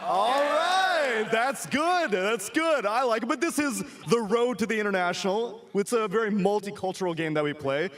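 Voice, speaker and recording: A man from the United States hosting a live esports event, energetic and joking. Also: high voice, normal speed, hardly any pauses. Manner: energetic, joking, hyping the crowd. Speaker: esports broadcast host. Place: convention center stage. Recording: loud live crowd behind.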